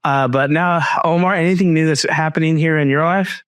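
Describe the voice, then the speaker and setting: A man's voice: fairly high pitch, steady tone, fairly bright tone, smooth, no echo, clean studio sound. A man hosting a casual panel podcast, teasing his guests and often laughing. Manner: playful, teasing, quick to laugh. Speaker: podcast host.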